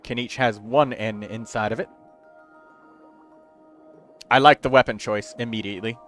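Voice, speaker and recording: Guy streaming games at his desk, chatty, thinks out loud, counts stuff, mid voice, a little music behind. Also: mid-range voice, fairly even intonation, normal speed. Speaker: livestream host reviewing game characters. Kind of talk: casual livestream commentary.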